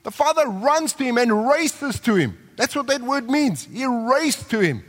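A high-voiced man preaches a sermon, very animated and a little slow, his tone a bit bright as he vividly tells the story and acts out each character's lines. The long reverb of a large hall surrounds him, as if he's in a church sanctuary.

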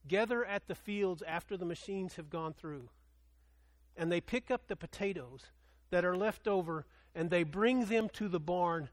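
A man preaching a sermon, telling a story with animation, swinging from loud excitement to hushed earnestness. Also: high voice. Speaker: pastor.

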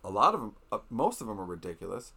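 A man with a low voice co-hosting a podcast. He rants with sarcasm and swears freely in a relaxed, chatty way. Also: fast talker, creaky, husky. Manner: sarcastic, profane ranting. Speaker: podcast co-host. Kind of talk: casual chat.

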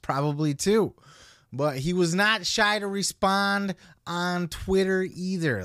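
A man's voice: on the high side, a bit bright, no echo, clean studio sound. A man hosting a podcast, giving casual solo commentary in a blunt, profane, opinionated way. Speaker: podcast host.

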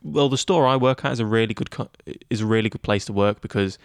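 A young man in his twenties talking in a relaxed interview, chatty and self-deprecating with lots of fillers. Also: on the low side, quick pace, clean tone, no echo, studio quality. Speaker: head of news at student radio. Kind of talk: casual interview chat.

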